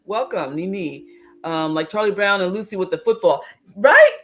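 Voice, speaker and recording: A woman's voice: lowish voice, moderate pace. A woman spiritual teacher giving a livestream talk, reflective, laughing often and greeting viewers as she reads their comments. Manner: reflective, laughs often, acts out inner voices.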